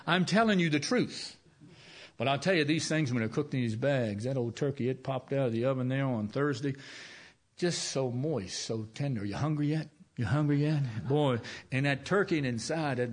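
Middle-aged pastor, man, conversational sermon delivery, folksy, soft emphasis, average pitch. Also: breathy edge.

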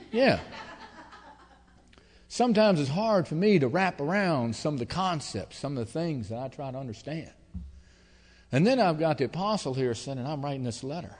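A man preaching a sermon as pastor, telling stories in a folksy, emotional way that swings between loud and hushed. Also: medium pitch, lively intonation, moderate pace. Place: church sanctuary. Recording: long hall reverb.

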